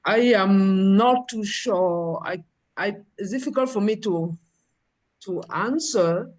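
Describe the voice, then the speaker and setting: A woman's voice: mid-range voice, slow, darkish tone. A woman student answering a teacher's question hesitantly.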